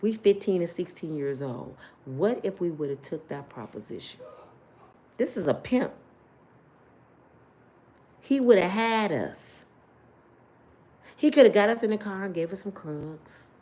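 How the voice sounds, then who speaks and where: A middle-aged woman telling her own story to viewers in a casual, blunt and slangy way. Her voice sits fairly low for a woman. She keeps the delivery animated and talks straight to her audience. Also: a little slow, long pauses. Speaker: host telling a personal story.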